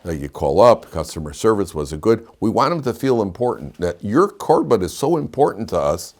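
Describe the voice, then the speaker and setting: Deep-voiced older rabbi, chatty. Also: male voice, big pitch swings, fairly quick, a little mellow. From Chicago. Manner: chatty, digressive storyteller with frequent restarts. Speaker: rabbi teaching a class. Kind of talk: informal Torah class with anecdotes.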